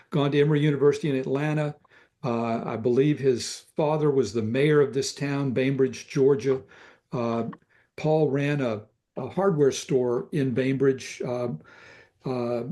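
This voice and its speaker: An older Southern man talks slowly and reflectively about photographs, stopping often to search for words. His voice is warm and mellow, with a soft, relaxed tone. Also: mid-range voice. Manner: thoughtful, halting with many fillers. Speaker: photographer guest.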